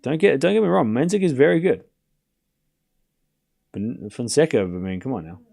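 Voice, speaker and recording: A man's voice: mid-range voice, lively intonation, moderate pace, vocal fry, darkish tone. A man hosting a live tennis watchalong stream. He calls the score between points and argues sarcastically with his chat. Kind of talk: live commentary and casual chat with viewers.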